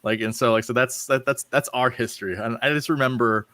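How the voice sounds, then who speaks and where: A man's voice: mid-range voice, fairly even intonation, fairly quick, fairly bright tone. Man saying "like I said" a lot. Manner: repeats "like I said" often. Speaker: podcast co-host. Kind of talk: casual chat.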